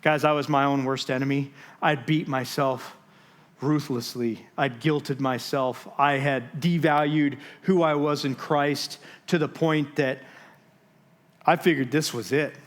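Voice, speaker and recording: A man giving a sermon as guest speaker, telling a personal story with dramatic pauses, moving between loud and hushed moments. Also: mid-range voice, fairly even intonation. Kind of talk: sermon testimony. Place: church stage.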